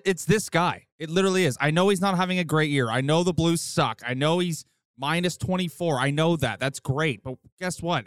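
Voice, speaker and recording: Smooth-voiced man pressing his point. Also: fairly high pitch, dry recording. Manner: emphatic, repeats himself for stress. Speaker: podcast co-host. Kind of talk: casual sports chat.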